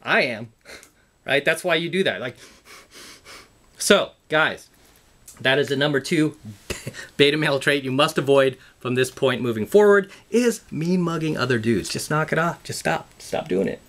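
A self-improvement vlogger speaks to camera at a moderate pace, his fairly high, fairly bright voice full of lively intonation. He lectures viewers again and again in a blunt, profane and emphatic motivational talk, calling them "guys".

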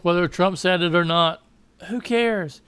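A man's voice: sits high, a little slow, fairly bright tone, smooth, no room sound. A man with a Southern American accent giving a rambling political opinion monologue, often correcting himself and laughing at his own asides. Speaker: political commentator.

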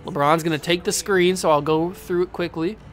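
A young man giving casual live commentary on a basketball video game, getting worked up and yelling at his players, then owning his mistakes. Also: sits high, a little fast, soft background music. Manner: excitable, yells at his players, then blames himself. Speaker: gaming YouTuber playing a basketball video game.

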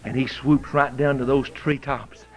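A male pastor preaching a fiery revival sermon in a church, swinging from shouting to hushed whispers, with a Southern US accent. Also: mid-range voice, level tone, measured pace, poor audio. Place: church sanctuary.

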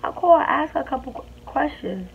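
A woman's voice: high voice, expressive, fairly quick, gravelly. Young woman vlogging, dull lo-fi sound. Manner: emphatic, indignant storytelling. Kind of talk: storytime vlog. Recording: dull lo-fi audio with faint hiss.

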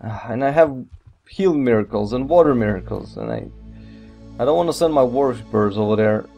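Brief: male let's player, mid-pitched, excitable and rambling, with non-native English phrasing. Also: moderate pace, dull audio, faint music behind. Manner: excitable, rambling, mild swearing. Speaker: let's play gamer. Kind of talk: gameplay commentary.

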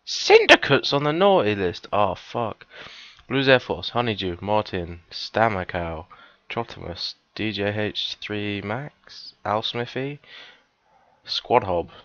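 A man giving cheeky, casual gameplay commentary, swearing often and breaking into sudden high, excited yelps. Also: takes it slowly, dry recording, lo-fi sound. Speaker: let's player.

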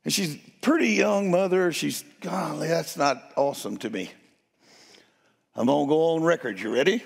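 An older man, preaching a sermon and telling stories in a folksy, playful way, with a gravelly, husky voice. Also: fairly high pitch, moderate pace. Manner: folksy, playful, addresses crowd as y'all. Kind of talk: sermon storytelling. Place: church sanctuary. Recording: long hall reverb.

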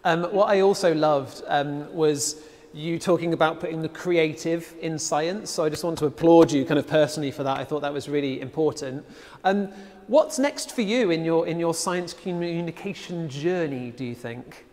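A man's voice: a little high, moderate pace, darkish tone, big-room sound. A man hosting a live-streamed competition final, chatting casually with many ums. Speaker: host.

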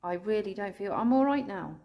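An English woman ghost hunter calling out to spirits indoors, speaking slowly and tenderly, sometimes tearful, recorded on a handheld camera. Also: mid-range voice, lively intonation, highs cut off. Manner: soft, pleading, slow and tender, calling out with endearments. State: tearful at times.

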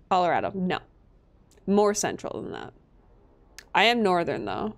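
A woman's voice: lowish voice, very animated, unhurried, gravelly, pauses often. A young woman from Minnesota giving casual gameplay commentary, chatty, swearing freely and laughing often. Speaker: streamer.

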